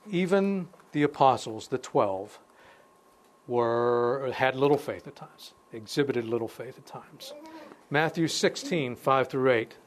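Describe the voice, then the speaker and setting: A man giving an informal Bible study. He reads passages aloud and stops often to comment, and he restarts phrases as he talks. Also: mid-range voice. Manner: conversational, pauses to comment between verses, restarts phrases. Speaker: Bible teacher. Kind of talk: informal Bible study talk with scripture reading.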